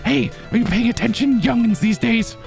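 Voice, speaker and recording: A man's voice: extremely high pitch, moderate pace, gravelly, soft background music, pitched above the performer's own voice, full character voice. A man voicing a vain, pushy old woman who scolds and rambles, for a game playthrough. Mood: haughty, rambling.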